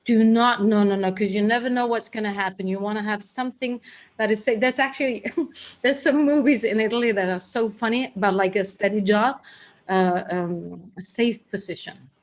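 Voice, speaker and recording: A woman's voice: medium pitch, moderate pace. A woman teaching a live group class, talking in a chatty, guiding way with frequent restarts. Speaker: workshop teacher.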